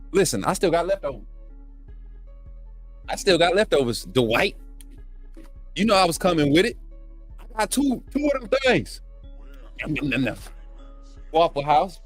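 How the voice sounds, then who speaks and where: A man with an Alabama accent hosting a live call-in sports stream, reading super chats in a hyped, trash-talking, playful way. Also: high-pitched. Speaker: live stream show host.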